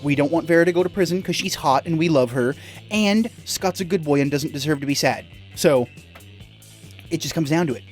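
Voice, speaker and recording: A woman's voice: low voice, expressive, a little fast, darkish tone, faint music behind. A woman hosting a let's play, who talks casually and jokes about the game. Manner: joking, casual, chatty. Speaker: gaming video host.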